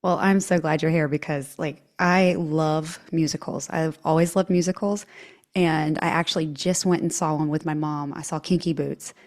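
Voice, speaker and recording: A woman's voice: deep voice, steady tone, normal speed, a little mellow. Gushing Southern-twanged woman podcast host. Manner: gushing, enthusiastic. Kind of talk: casual interview chat.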